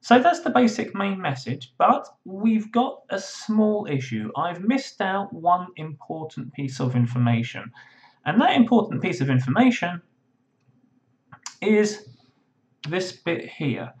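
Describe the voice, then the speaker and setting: A man's voice: sits high, sing-song, measured pace. Man teaching a writing webinar. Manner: explanatory, thinks aloud with frequent fillers. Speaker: legal English teacher. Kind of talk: webinar lesson.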